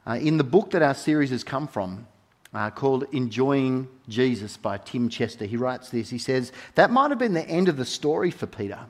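Male preacher, mid pitch, sermon delivery, emphatic, repeats key lines, moves between quiet and loud. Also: sing-song, normal speed. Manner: dynamic, swinging from soft to loud.

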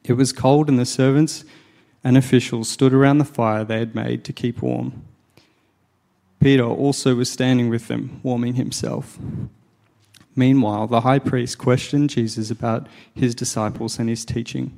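A man reads scripture aloud at an unhurried, even pitch. His voice is gravelly and mellow, with a dark tone. He stays measured and low-key throughout. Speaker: scripture reader. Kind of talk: Bible reading.

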